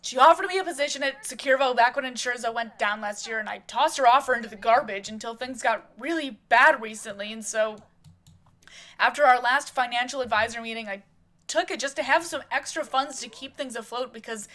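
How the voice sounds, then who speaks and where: A woman's voice: fairly high pitch, sharp tone. A woman voicing an angry, defensive husband in a heated marital argument for a home-made life-sim soap opera. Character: bitter angry middle-aged husband.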